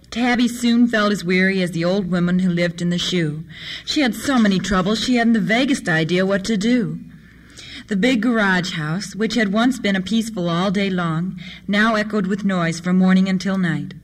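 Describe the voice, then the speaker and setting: A storyteller reads children's tales aloud, steady and expressive, with a voice that sits in the middle range. The reading moves along evenly from one tale to the next. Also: medium pitch.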